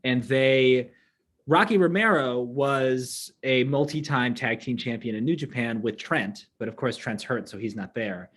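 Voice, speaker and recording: A man co-hosting a casual wrestling talk show, upbeat and quick to laugh. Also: mid-range voice, fairly bright tone. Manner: enthusiastic, laughs often. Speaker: podcast co-host. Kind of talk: casual chat.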